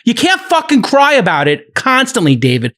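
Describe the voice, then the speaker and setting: A middle-aged man moderating a podcast, ranting heatedly in a profane, animated argument. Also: extremely high pitch, normal speed.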